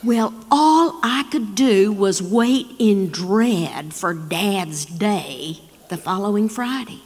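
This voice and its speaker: A woman's voice: mid-range voice, lively intonation, slow, darkish tone, slight background noise. Woman storyteller in a reverberant hall. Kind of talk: live storytelling performance. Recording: long reverb of a performance hall.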